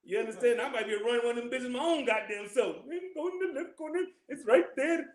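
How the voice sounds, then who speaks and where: Casting: high-voiced man, quick streetwise scripture class teacher, joking, echoey room. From California. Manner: loose, joking, streetwise slang, constant check-ins with listeners. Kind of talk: casual scripture class talk.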